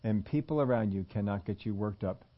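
A man's voice: on the low side, brisk, highs cut off. A man preaching a sermon in a conversational way, slipping into the voices of the people he quotes. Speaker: pastor.

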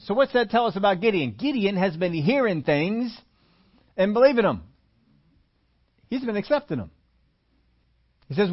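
A man's voice: sits high, expressive, moderate pace, pauses often, muffled recording. A man preaching a sermon in church, asking the congregation questions and acting out the doubts of believers. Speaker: pastor.

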